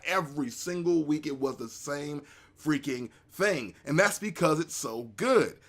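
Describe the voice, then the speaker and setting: A man hosting a casual spoken review, excitable and rambling, with many fillers and restarts. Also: mid-range voice, a little slow. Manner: acts out reactions in quoted asides. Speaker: anime reviewer, show host.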